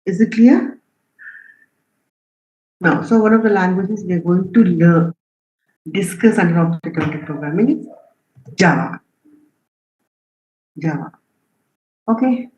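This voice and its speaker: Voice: medium pitch, darkish tone. A programming instructor giving a live online lecture, quizzing students, reading out their answers and checking in often with "okay?" and "right?". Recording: roomy, dull lo-fi stream audio.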